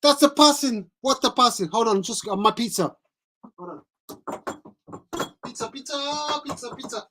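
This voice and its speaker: Jumpy, squealing tennis fan, a British streamer doing an impression, pitched well up. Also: moderate pace, long pauses, background noise, close to an everyday voice. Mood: excited. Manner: squealing, excited exclamations. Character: excitable fellow tennis streamer, mock impression.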